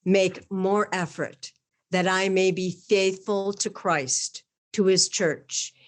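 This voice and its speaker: A woman guest reading a homily aloud in an earnest, measured way, rising to emphatic peaks. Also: on the low side.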